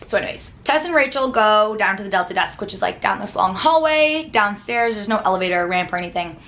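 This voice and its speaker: A woman's voice: mid-range voice, animated, fast talker, fairly bright tone. A young woman vlogging, telling a travel story to the camera in a chatty way, laughing often and saying "like" a lot.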